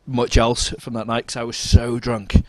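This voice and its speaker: A man in a casual podcast chat, spinning a lively anecdote with a mid-range voice. He laughs often and mimics the people he describes. The sound is dry and close, with no room around it. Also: medium pitch, normal speed, no room sound. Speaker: podcast co-host.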